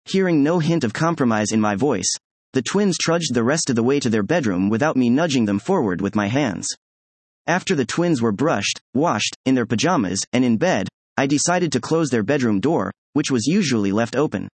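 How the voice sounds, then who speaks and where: Husky-voiced man narrating a story. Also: medium pitch, animated, normal speed, dry recording. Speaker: audiobook narrator. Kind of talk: first-person story narration.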